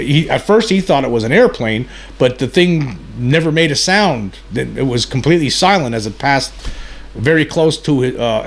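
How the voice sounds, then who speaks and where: A man hosting his channel, giving casual, rambling commentary that drifts between side points. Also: mid-range voice. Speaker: channel host.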